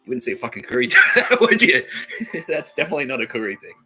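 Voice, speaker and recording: A man's voice: mid-range voice, big pitch swings, fast talker, bright, forceful tone, soft background music. A man hosting his own podcast, rambling and swearing through a solo monologue that keeps contradicting itself. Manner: profane, rambling, self-contradicting. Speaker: podcast host. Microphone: talking to camera.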